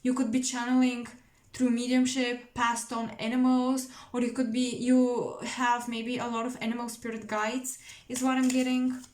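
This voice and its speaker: A woman doing an intuitive tarot reading to camera, musing and searching for words with many pauses. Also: fairly high pitch, little pitch movement, darkish tone, echoey room. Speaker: tarot reader.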